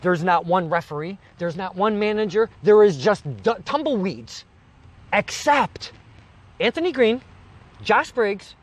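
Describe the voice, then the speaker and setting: A man hosting a casual interview at an outdoor picnic table, excitable, rambling and self-deprecating. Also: high-pitched, unhurried. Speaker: interview show host. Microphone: own recording gear.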